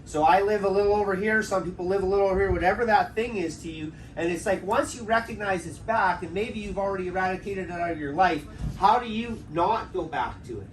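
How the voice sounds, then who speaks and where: A man's voice: high voice, fast talker, hardly any pauses. A man preaching an interactive sermon, talking casually with his congregation and often checking in with "right?". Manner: conversational, draws answers from the congregation, tags lines with "right?". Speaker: pastor. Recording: distant mic with faint background noise.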